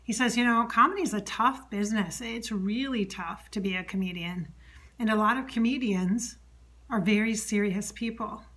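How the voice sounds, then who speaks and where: A woman speaking as a psychic medium, chatty and conversational, passing along what an unseen presence tells her. Her tone is bright and forward, and she often slips into a soft whisper mid-sentence. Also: mid-range voice, normal speed. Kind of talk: solo channeling monologue.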